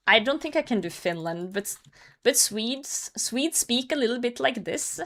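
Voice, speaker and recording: A woman's voice: a little high, lively intonation, a little slow, a bit bright. A young woman streamer chatting casually with her chat while gaming, laughing often and swearing now and then. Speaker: live streamer.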